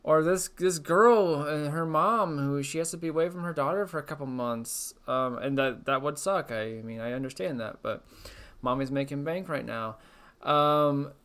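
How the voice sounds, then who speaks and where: A man's voice: on the high side, moderate pace, fairly bright tone, clear, resonant tone. A man in casual podcast chat, a little tipsy, rambling and joking as he trails off.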